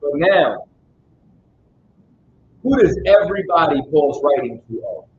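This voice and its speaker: A man leads a Bible study with casual, emphatic delivery, keeping his listeners engaged with repeated questions. His voice sits a bit higher than most men's. The recording is roomy and a little dull, with faint noise underneath. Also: lively intonation, measured pace. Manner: emphatic, keeps checking in with listeners; casual street-style speech. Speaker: Bible teacher.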